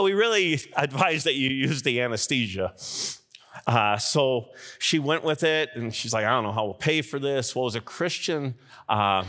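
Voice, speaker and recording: A middle-aged man preaching a sermon as pastor, his voice rising sharply at points of emphasis, with frequent chuckles mid-sentence. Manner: animated, with sudden rises in pitch and loudness.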